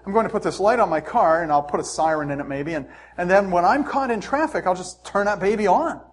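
A man's voice: sits high, animated, fast, voice pushed up. A man voicing a scheming male driver who fakes a police light, sounding smug and pleased with himself.

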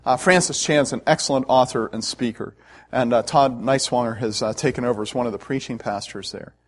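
A man's voice: medium pitch, brisk. A male pastor preaching a sermon in an earnest, emphatic way, with frequent "uh" fillers.

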